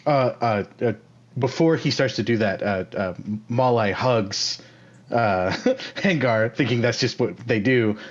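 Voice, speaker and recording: A man's voice: medium pitch, lively intonation, measured pace. A man playing a tabletop game, speaking hesitantly with many fillers. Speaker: player. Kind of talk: casual tabletop play. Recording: dull lo-fi mic.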